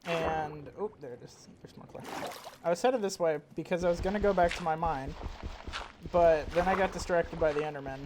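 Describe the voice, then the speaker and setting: Casual gamer commentary, rambling and chatty, mid pitch, noisy recording. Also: normal speed. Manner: rambling, chatty, talks to in-game animals. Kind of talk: casual let's-play commentary. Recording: audible background noise.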